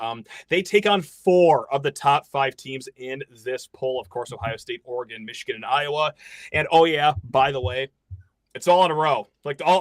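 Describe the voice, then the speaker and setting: A man hosting a casual sports podcast, talking in an animated way and rattling through lists fast. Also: on the high side, no echo. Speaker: podcast host.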